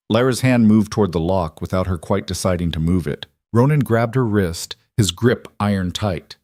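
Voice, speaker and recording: A man narrating a fantasy romance audiobook in a steady, measured way. His voice sits low and sounds dry and close, with no room around it. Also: no echo. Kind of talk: scripted narration.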